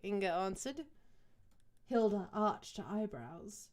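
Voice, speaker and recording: A woman's voice: on the high side, a little mellow. Sarcastic woman reading a book aloud. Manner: sarcastic, quick asides, swears. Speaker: podcast co-host and reader. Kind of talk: book reading with comic commentary.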